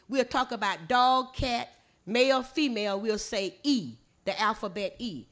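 An older woman from the Gullah coast with a Lowcountry Gullah accent, teaching her language to an audience and drawing out words for emphasis. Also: lively intonation, a little slow, sharp tone. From Gullah coast of the southeastern US. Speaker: language and culture presenter.

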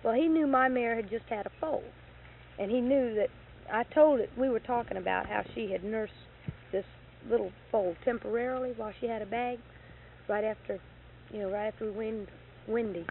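A middle-aged woman chats about her animals in an animated storytelling way, voicing the people she quotes. Her voice sits a little high. The recording is thin and phone-like, with a faint hiss underneath. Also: moderate pace, creaky. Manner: animated, acts out quoted dialogue, gets heated retelling anger. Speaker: horse owner telling stories. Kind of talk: casual storytelling chat. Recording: tinny lo-fi tape with faint hiss.

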